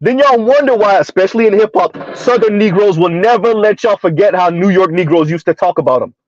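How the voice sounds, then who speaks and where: A man's voice: high voice, brisk, dry recording, highs cut off. A man from the US South giving sarcastic, mocking reaction commentary and reading out chat comments. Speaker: commentary streamer.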